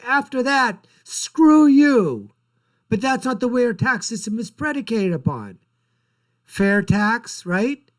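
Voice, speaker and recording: A man hosting a political commentary show, ranting in a blunt, sarcastic and mocking way. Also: very high-pitched.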